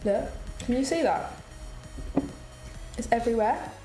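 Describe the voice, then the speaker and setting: A young British woman from the UK chatting casually on a cooking live stream, animated and laughing often as she eats and answers viewers. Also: fairly high pitch, a little slow. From United Kingdom. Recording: echoey room with faint music behind.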